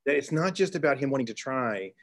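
A middle-aged man from Texas, a teacher telling a classroom story in an interview, earnest, with restarts and excited bursts. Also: mid-range voice, fast. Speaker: teacher and author guest. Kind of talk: storytelling in conversation.

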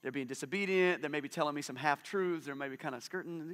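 A man in his forties delivering a church sermon in a relaxed, conversational way. His voice sits a little high and rings bright and forceful. He swings between lively, animated stretches and quiet, hushed asides. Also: brisk, hardly any pauses. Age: 40s. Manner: conversational, animated, drops to a soft hush for intimate moments. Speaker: pastor.

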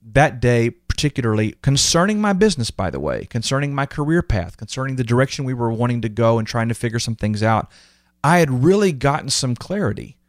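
This man hosts a podcast, and his mid-range voice comes through studio-quality with no echo as he talks a bit fast. In casual, conversational storytelling, he shares personal experiences earnestly and emotionally, vividly performing the lines others spoke to him.

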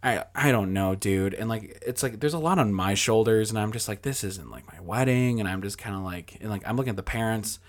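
A man's voice: on the low side, a little fast, few pauses. A young man on a podcast telling a long, casual story, full of fillers like "like," acting out what people said and swearing freely. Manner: rambling, filler-heavy, acts out quoted dialogue, swears freely. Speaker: podcast guest.

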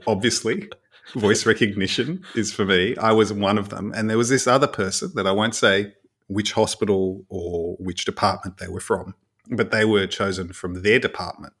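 Brief: man, radiologist guest, somewhat low voice, relaxed anecdote teller. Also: moderate pace, breathy edge. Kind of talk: casual podcast chat.

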